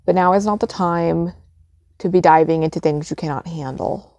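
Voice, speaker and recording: A young adult woman talks straight to the camera in a casual vlog, blunt and emphatic, with plenty of swearing. Her voice sits on the low side. The sound is dry, with no room echo. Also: moderate pace, warm tone. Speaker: witchcraft vlogger. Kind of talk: casual spoken advice.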